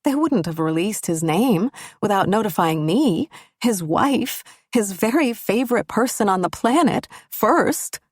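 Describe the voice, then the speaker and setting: A woman's voice: mid-range voice, expressive, a little slow, slightly rough, dry recording. A woman reading a first-person thriller audiobook with intimate, tense storytelling on a studio mic. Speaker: audiobook narrator.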